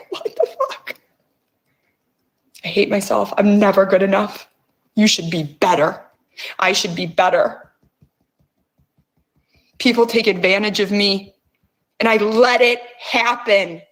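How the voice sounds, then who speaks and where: A woman's voice: mid-range voice, unhurried, pauses often. A middle-aged woman hosting, coaxing listeners with intense words and frequent swearing. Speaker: host. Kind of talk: guided emotional release session.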